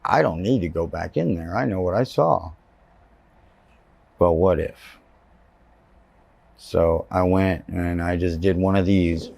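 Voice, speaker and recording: A man's voice: sits low, takes it slowly, creaky, pauses often, darkish tone. A man from Texas giving personal testimony in an interview, telling his story candidly and plainly.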